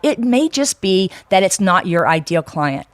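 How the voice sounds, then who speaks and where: A woman co-hosting a podcast, talking frankly and casually with plenty of fillers and restarts. Her voice sits at a middle pitch, and the sound is dry and close. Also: very animated, measured pace, no echo. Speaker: podcast co-host.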